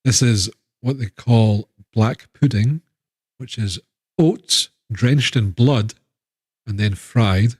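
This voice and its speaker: A man's voice: fairly low pitch, slow, a little mellow, breathy edge, no room sound, clean studio sound. A man with a Scottish accent, chatting casually and rambling on a live stream. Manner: chatty, rambling, self-interrupting.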